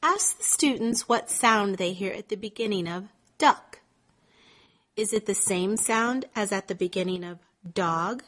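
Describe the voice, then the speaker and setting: A woman slowly narrating scripted teaching instructions in a measured, clearly articulated way. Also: mid-range voice, a bit bright. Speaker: teacher giving lesson instructions.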